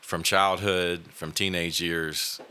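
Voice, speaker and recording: A man with a deep, low-pitched voice that still sounds bright and forceful. He tells his story casually and earnestly as a podcast host, stopping and restarting often. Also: fairly even intonation, smooth. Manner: halting, many fillers and restarts, earnest.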